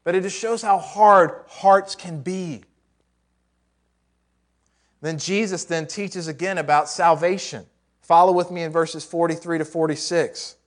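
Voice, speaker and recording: Male pastor, high voice, chatty sermon with rhetorical questions and light jokes. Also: fairly even intonation, unhurried. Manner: conversational, with rhetorical questions and joking asides.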